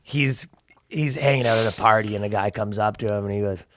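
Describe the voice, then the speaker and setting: A man's voice: fairly low pitch, a little fast, fairly bright tone, no room sound. A man hosting a podcast in casual chat, joking and acting out quotes with a laugh. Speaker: podcast host.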